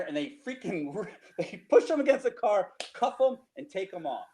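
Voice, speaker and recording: Middle-aged man with a New Jersey accent, lively cranky storyteller, voice slightly high for a man. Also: moderate pace, poor audio. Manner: animated, laughing, repeats himself, rhetorical "right?". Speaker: storyteller guest. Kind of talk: casual storytelling over slides.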